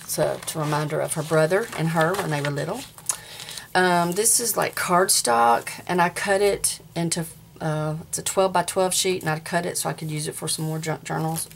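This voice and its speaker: A woman in her forties from the American South speaks with a Southern US accent in a low, creaky voice, steady in tone and moderate in pace, with slight background noise. In a casual show-and-tell vlog, she talks straight to viewers while showing off a handmade craft journal.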